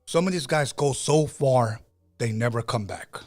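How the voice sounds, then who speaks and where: A man's voice: mid-range voice, a little slow, faint music behind. A middle-aged man hosting a podcast, telling stories in a casual, conversational way with frequent fillers and restarts. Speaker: podcast host.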